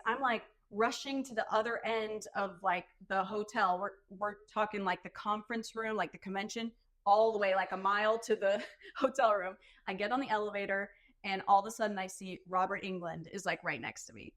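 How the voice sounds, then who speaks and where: A woman's voice: medium pitch, steady tone, a little fast, fairly bright tone. A woman guest on a podcast telling stories in a casual chat, laughing often and filling her talk with "like.". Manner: chatty, many "like" fillers, laughs often. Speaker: podcast guest, burlesque performer.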